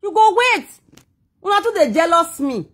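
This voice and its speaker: A woman's voice: very high voice, big pitch swings, moderate pace. A Nigerian woman vlogging a heated, defensive, rambling rant to her viewers. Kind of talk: emotional personal rant to viewers.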